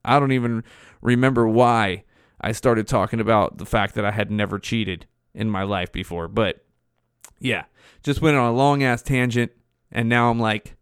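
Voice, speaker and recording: A man's voice: medium pitch, moderate pace, smooth, no room sound. Male podcast host, forties, loose cursing storyteller, dry mic. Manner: profane, rambling, animated. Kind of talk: casual storytelling.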